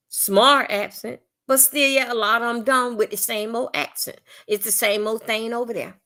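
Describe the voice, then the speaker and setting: A gravelly, fairly bright voice of medium pitch carries this Southern-accented Florida woman's rant on a live stream. Blunt and full of profanity, she rambles and keeps repeating herself.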